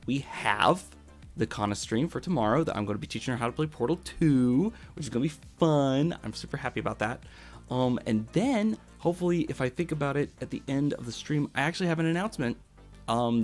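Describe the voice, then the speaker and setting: Male streamer, young, excitable, lots of fillers, mid-pitched voice. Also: a little fast, faint music behind. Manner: gushing, repeats himself, many fillers. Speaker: VTuber streamer. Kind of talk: excited live-stream chat.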